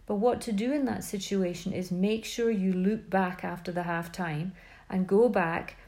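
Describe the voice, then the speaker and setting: A woman's voice: mid-range voice, steady tone, moderate pace, warm tone. A woman hosting a parenting podcast, giving earnest, emphatic advice and often listing words in a row. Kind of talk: advice talk.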